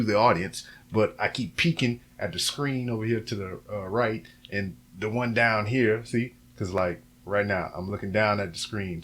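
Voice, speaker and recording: A lower-voiced man rambles solo to a camera at home, hosting his podcast. He keeps it loose and profane, full of fillers and side trails. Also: a bit bright. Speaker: podcast host. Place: home recording setup with camera and computer. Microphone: camera and computer setup, a little off-axis at times.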